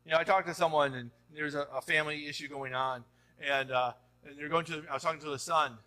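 A male pastor with a bright, forceful tone and a fairly high-pitched voice. He preaches in an easy, chatty way, checking in with "right?", then presses his points hard. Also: fairly even intonation, fast talker. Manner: conversational preaching with rhetorical "right?" asides; rising to emphatic exhortation. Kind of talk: sermon.

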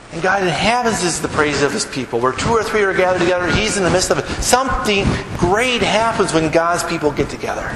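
A middle-aged man preaching a conversational sermon to his church, often asking the congregation "right?" as he talks. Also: sits high. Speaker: pastor. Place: church hall. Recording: echoey hall with room noise.

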